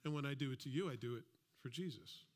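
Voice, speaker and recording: A man's voice: mid-range voice, quick pace. Conversational man preaching a sermon. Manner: conversational preaching with asides and acted-out quotes. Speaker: pastor. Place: church.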